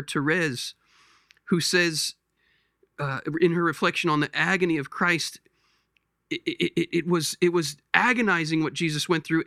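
A man hosting a podcast, giving a slow pastoral reflection, gentle and halting, often repeating words as he searches for them. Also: fairly high pitch, dry recording, clean studio sound. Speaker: podcast host.

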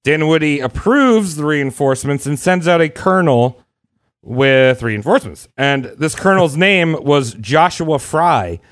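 Young man, podcast host, slightly high voice, irreverent, profane, dry close sound. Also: lively intonation, a little slow, no room sound. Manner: irreverent, profane, laughs while telling. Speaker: podcast host telling a history story. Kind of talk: casual storytelling chat.

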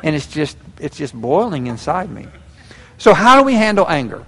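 A man preaching a sermon, folksy and animated, acting out little scenes. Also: on the high side, normal speed. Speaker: pastor. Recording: long hall reverb.

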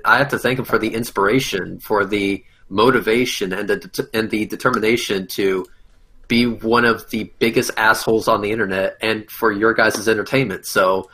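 A man's voice: fairly low pitch, fairly even intonation, normal speed, bright, forceful tone, husky. A man on a casual panel chat, giving a mock-solemn, crude tribute.

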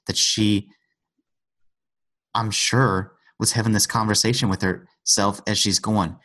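A man's voice: fairly low pitch, little pitch movement, unhurried, a bit bright. A man in an earnest conversational Bible discussion, retelling scripture stories and acting out the quotes.

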